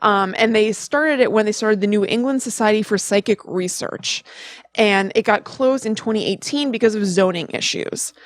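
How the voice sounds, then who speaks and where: A woman co-hosting a casual podcast, chatty and quick to laugh at herself, with a light New York tinge to her accent. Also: medium pitch, no room sound. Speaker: podcast co-host.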